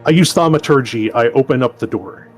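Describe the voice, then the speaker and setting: A man's voice: medium pitch, a little fast, faint music behind. A man playing a character in a tabletop role-playing game, describing his actions casually with lots of hesitations. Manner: casual, hesitant, full of fillers. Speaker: player. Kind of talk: tabletop role-play chat.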